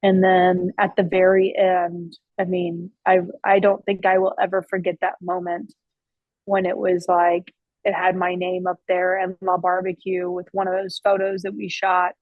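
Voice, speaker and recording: Chatty and full of restarts and fillers, a barbecue restaurant owner and chef tells stories in a casual interview at her restaurant, swearing casually now and then. Her voice is on the low side with a completely flat delivery at a moderate pace. The recording is dry with phone-quality sound.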